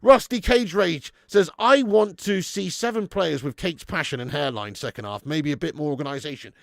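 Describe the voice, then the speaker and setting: A man's voice: on the high side, normal speed, gravelly, no room sound, studio quality. A man hosting a live football watch-along, swearing often and reading out viewer messages. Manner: sweary, animated, reads viewer messages aloud. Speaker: fan channel host.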